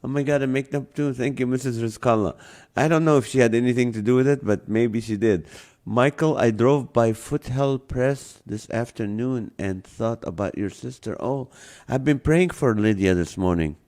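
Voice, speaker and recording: Man, accented English, casual live-stream host, joking and laughing, mid-pitched voice. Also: normal speed, a little mellow. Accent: non-native English accent. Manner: jokey, laughs often, greets viewers by name. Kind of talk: casual live-stream chat reading viewer comments.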